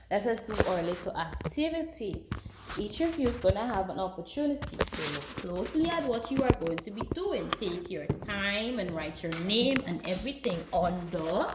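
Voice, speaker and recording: A woman teaching a lesson to young schoolchildren, speaking in a sing-song, encouraging way and often checking in with "right?". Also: medium pitch. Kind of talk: classroom teaching to young children. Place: classroom. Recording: very echoey room with faint noise.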